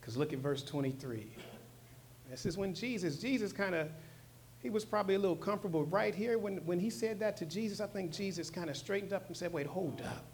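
A man preaching with a slightly high voice, talking to his listeners in a loose, slangy way. He swings from loud, emphatic lines to soft, low asides, often repeating short phrases for emphasis. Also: a little fast, slight background noise. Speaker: pastor. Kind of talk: sermon.

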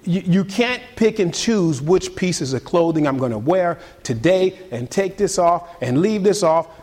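High-voiced, animated male preacher. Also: measured pace, husky. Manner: animated preaching with repeated words. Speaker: pastor. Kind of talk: sermon.

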